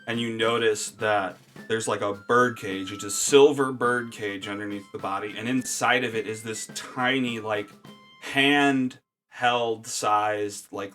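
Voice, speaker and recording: A man's voice: fairly low pitch, fairly bright tone. Hesitant man narrating as game master. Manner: hesitant, filler-heavy narration.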